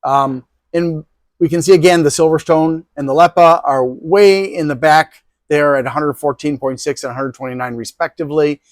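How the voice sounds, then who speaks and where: A man's voice: on the high side, fairly even intonation, normal speed, dry recording. Dry, close-miked man hosting a fan review. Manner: rambling, many ums and restarts. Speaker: tech video host. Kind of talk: casual product review.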